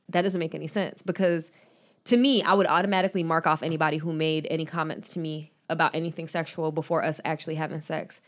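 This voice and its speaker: A woman co-hosting a casual podcast, candid and quick to laugh, swearing freely as she gives advice. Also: low voice. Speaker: podcast co-host.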